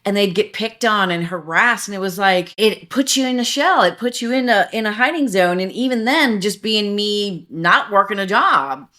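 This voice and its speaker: A woman's voice: mid-range voice, expressive, normal speed, few pauses, pushed and bright. A woman, a digital marketer, talking chattily as a podcast guest, telling stories with many restarts. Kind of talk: casual podcast interview.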